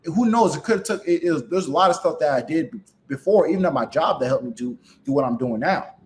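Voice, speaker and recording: A man talks through closing sales with an emphatic, coaching drive. His voice sits somewhat high for a man, and he keeps checking in with "right?" while acting out both sides of phone calls. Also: animated, fast, darkish tone. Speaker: sales closer guest. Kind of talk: motivational sales advice chat.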